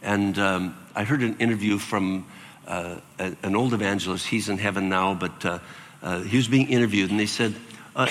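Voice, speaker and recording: An older man preaching a sermon as pastor, animated and acting out voices with sudden jumps in pitch. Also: normal speed, big-room sound, slight background noise.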